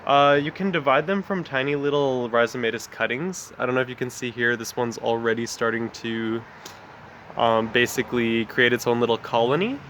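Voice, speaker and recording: A man's voice: mid-range voice, steady tone, normal speed, a bit bright, slight background noise. A man in a backyard garden, giving a casual, rambling vlog with lots of fillers and friendly asides. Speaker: gardening vlogger. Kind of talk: casual outdoor plant talk.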